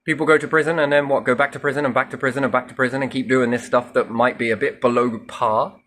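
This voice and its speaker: A man's voice: mid-range voice, steady tone, fast, fairly bright tone, slight background noise. A man rambling through a spiritual monologue, musing and asking himself questions, with casual swearing. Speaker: speaker musing on faith.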